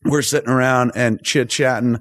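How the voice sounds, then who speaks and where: A man hosting a podcast interview, talking in an excitable, effusive and profane way. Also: mid-range voice, moderate pace. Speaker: podcast host.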